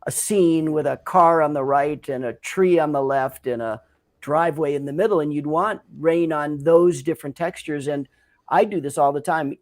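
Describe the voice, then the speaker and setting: An older man, a sound designer guest, explaining his work in a measured, thoughtful way in a casual interview. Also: fairly high pitch.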